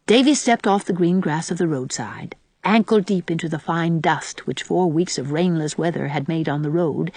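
Expressive woman narrating a storybook. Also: lowish voice, husky, no room sound. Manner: expressive, dramatic reading. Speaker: audiobook narrator.

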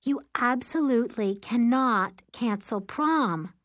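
A woman's voice: a little high, expressive, slow pace, fairly bright tone, no room sound, studio quality, pitched above the performer's own voice. A woman voicing a firm, insistent teenage girl. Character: bossy, decisive teenage girl.

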